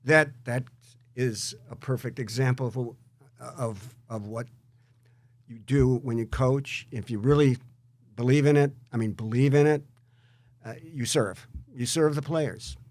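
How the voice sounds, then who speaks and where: A male host in a conversational interview, speaking in an animated way and often repeating words as he gets going. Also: medium pitch, a little slow, no echo. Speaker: show host.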